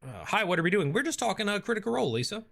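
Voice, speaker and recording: A man's voice: high voice, big pitch swings, rapid-fire, vocal fry, fairly bright tone. A man hosting a casual live stream, reading viewer comments aloud and thinking aloud with many ums and uhs. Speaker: host reading live chat.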